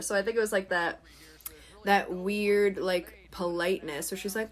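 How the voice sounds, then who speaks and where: Animated woman telling a story. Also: mid-range voice, normal speed. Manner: animated storyteller, acts out quoted lines. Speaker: podcast co-host. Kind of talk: casual chat.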